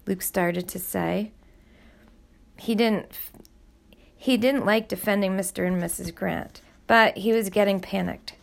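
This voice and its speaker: A woman reading a novel aloud with expressive, steady audiobook narration. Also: medium pitch, gravelly. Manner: expressive storytelling.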